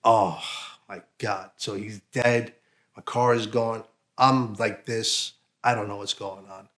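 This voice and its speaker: A man giving an emotional personal account as an interviewee, halting, with many fillers and restarts. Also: lowish voice, steady tone, fairly bright tone.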